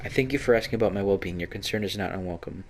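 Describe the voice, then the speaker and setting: A man's voice: deep voice, racing, a little hiss or hum. A man reading a gracious, formal demoness. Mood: polite. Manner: formal, polite.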